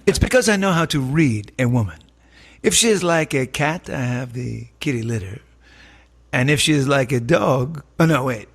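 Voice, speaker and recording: A man impersonating a smug, swaggering male stand-up comic who delivers boastful deadpan punchlines. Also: mid-range voice, moderate pace, creaky, breathy edge, voice pushed down.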